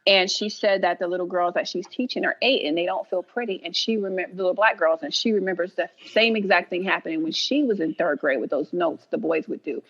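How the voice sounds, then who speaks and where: A woman guest on a podcast, an animated storyteller who acts out what people said and laughs often. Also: on the low side, fairly quick, few pauses, highs cut off. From New York. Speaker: creator and writer, guest. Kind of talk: casual podcast interview.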